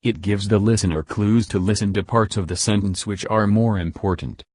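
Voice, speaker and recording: Low-voiced man teaching a recorded lesson. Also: fairly even intonation, a little mellow, no room sound, studio quality. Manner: slow, deliberate word-by-word emphasis on examples. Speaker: English teacher.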